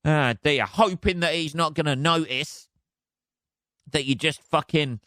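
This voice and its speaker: A man's voice: on the high side, unhurried, sharp tone, no room sound, studio quality. A man hosting a solo podcast, ranting in a sweary, exasperated way and laughing at himself. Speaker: podcast host. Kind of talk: casual solo rant.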